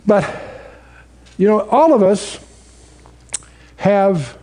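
High-voiced man preaching a sermon. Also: big pitch swings, extremely slow, a little mellow. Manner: conversational storytelling, asks the audience questions.

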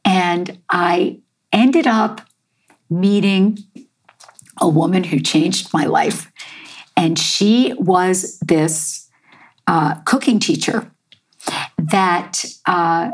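An American woman, a chef and artist, telling her life story in an interview, halting and reflective with many fillers. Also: on the low side, a little hiss or hum. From United States.

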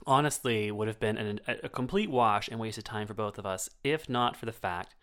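A man's voice: fairly low pitch, a little fast, a bit bright, smooth. A man co-hosting a casual film review podcast, wry and chatty with plenty of fillers. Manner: wry, storytelling, full of fillers.

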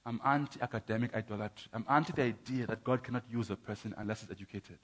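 A man's voice: lowish voice, fast, fairly bright tone. Emphatic preacher man. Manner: emphatic, rhythmic contrasts, stammering repeats. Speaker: preacher giving his testimony. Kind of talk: sermon. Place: church.

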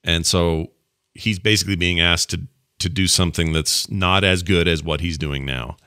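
Man, very low voice, bright and forceful tone, dry close sound, rambling casual chat, podcast co-host. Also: fairly even intonation, moderate pace, clean tone, no echo. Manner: rambling, acts out quoted voices, searches for words.

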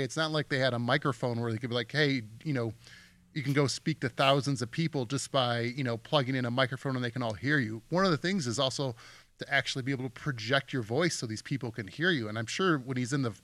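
A man's voice: medium pitch, a bit bright, no room sound. Man in a dry, close recording. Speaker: podcast co-host. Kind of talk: casual Bible discussion.

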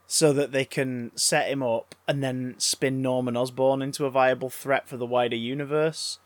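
A man's voice: medium pitch, no echo. Sarcastic, sweary man, dry sound. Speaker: podcast co-host. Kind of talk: casual chat.

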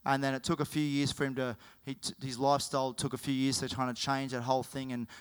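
A man preaching a sermon, telling the story in an animated way and often correcting himself mid-sentence. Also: mid-range voice, fast talker, clear, resonant tone. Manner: animated, with frequent self-corrections.

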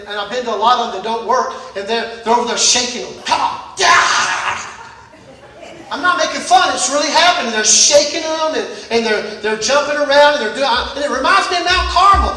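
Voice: high-pitched, recorded from a distance. Emphatic preacher in an echoey church. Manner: emphatic, builds to shouting, repeats phrases. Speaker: pastor. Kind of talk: sermon. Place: church service.

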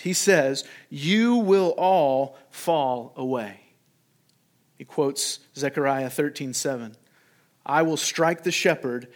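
A man preaching a sermon to his congregation in a conversational way, sometimes acting out the speech of the people in his story. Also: a little high. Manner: conversational preaching, voices the disciples in quotes. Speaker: pastor.

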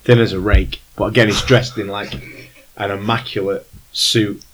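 A man's voice: fairly low pitch, level tone, moderate pace, fairly bright tone, low-quality recording. A man acting as game master, describing scenes in a rambling way with plenty of fillers. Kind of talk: narrating a tabletop game.

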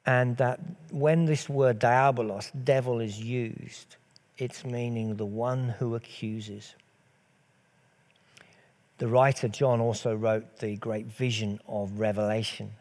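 A man with a warm, darker tone delivers a sermon. He speaks earnestly and presses his points with repeated rhetorical questions, circling back to the same phrases. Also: medium pitch, steady tone, takes it slowly. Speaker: preacher.

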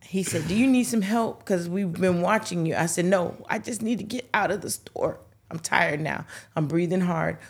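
A woman's voice: lowish voice, moderate pace, few pauses, husky. A middle-aged woman telling funny family stories on a talk show, acting out the voices of the people in them. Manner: animated, acts out voices in her stories. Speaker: guest, host's mother. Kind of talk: casual storytelling.

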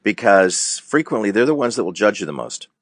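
Middle-aged guy counselor, really low voice, earnest preachy talk, dry sound. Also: big pitch swings, a little fast, no echo. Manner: earnest, preacherly, shifts pace for emphasis. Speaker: counselor, show guest. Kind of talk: casual faith-based talk.

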